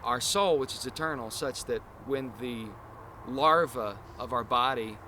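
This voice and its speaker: A man's voice: mid-range voice, a little slow, pushed and bright, a little hiss or hum. A man hosting a casual podcast chat, talking in long, earnest, rambling explanations. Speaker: podcast host.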